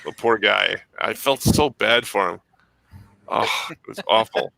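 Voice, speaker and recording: A man casually telling school stories on a live stream, animated and acting out the people he quotes. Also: on the low side, a little slow, gravelly, no room sound, poor audio. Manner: animated storyteller who acts out quoted voices. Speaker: comic shop podcast co-host. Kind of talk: casual storytelling chat.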